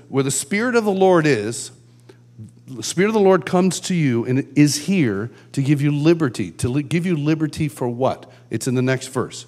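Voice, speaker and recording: A man giving a conversational sermon at a conference, telling stories and acting out shouted quotes. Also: fairly high pitch. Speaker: conference speaker. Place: large church hall.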